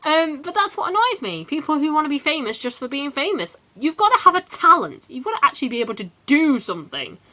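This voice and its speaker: A teenage woman from England ranting in a casual vlog, animated and full of quick asides. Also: high-pitched. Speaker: vlogger.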